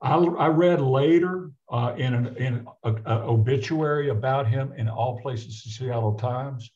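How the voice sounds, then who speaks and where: An older man from the American South, a physician guest, telling a personal story in an earnest, halting way with frequent restarts. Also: mid-range voice, a little mellow. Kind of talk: reflective personal storytelling in conversation. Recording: dull lo-fi audio.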